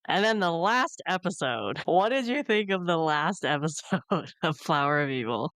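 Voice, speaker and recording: Low-voiced woman podcast co-host. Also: lively intonation, normal speed, fairly bright tone, dry recording, studio quality. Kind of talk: casual review chat.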